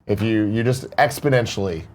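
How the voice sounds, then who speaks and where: A man's voice: on the low side, brisk, a little hiss or hum. A young man co-hosting a morning talk show, chatting casually, swearing freely and mimicking lyrics in put-on voices. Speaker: podcast co-host. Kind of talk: casual chat.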